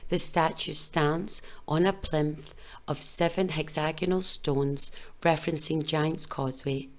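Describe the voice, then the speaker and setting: A woman narrates a documentary in a measured, solemn way. Her voice sits low and deep. The delivery is steady and scripted throughout.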